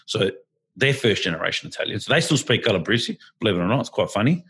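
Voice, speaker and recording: Fast-talking and a bit low-pitched, this Australian man has a breathy edge to his voice. He chats casually on a podcast, animated and rambling, with plenty of false starts.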